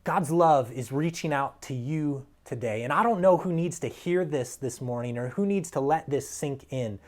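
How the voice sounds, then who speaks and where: A man's voice: on the high side, moderate pace. Earnest man preaching a sermon. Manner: earnest, emphatic preaching with soft drops and rising peaks. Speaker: pastor.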